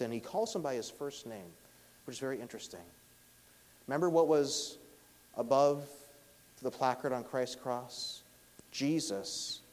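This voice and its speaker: A man preaching a sermon, with emphatic swings between loud stressed phrases and hushed, quiet lines. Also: mid-range voice. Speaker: pastor. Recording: long hall reverb.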